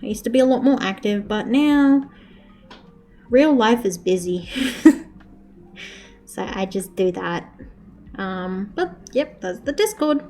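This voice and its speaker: A woman's voice: mid-range voice, lively intonation, slow pace, pauses often, mellow, faint music behind. A young woman chatting casually on a live stream while she crochets, swearing freely and laughing often.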